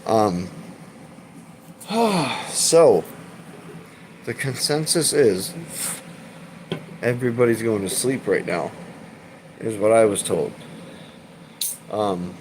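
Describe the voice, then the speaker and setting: Slow-talking man in his thirties, noisy room. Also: fairly low pitch. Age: 30s. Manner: rambling, swearing, halting with fillers and repeats. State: emotional, choked up. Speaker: live streamer. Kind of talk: casual live-stream chat.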